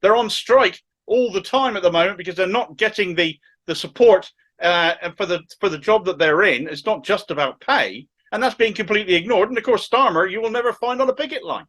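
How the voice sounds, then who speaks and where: A man's voice: high-pitched, a little fast, hardly any pauses, fairly bright tone. A middle-aged man from Cornwall with a thick Cornish accent, giving sardonic, opinionated political commentary to camera. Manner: sardonic, mocking asides.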